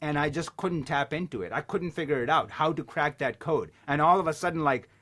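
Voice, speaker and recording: A man talking as a podcast guest, telling stories in an animated way and swearing casually. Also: fairly high pitch, a little fast. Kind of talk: casual chat.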